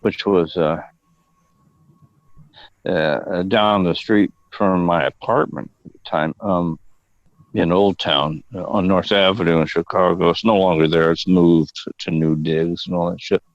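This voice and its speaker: An older man with a deep, low voice tells stories as a guest, wandering into digressions and peppering them with curses. The audio is dull and lo-fi, with a dry, close sound. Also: steady tone, a little slow, no room sound. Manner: rambling and profane, prone to digressions. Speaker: interview guest, actor. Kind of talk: casual storytelling interview.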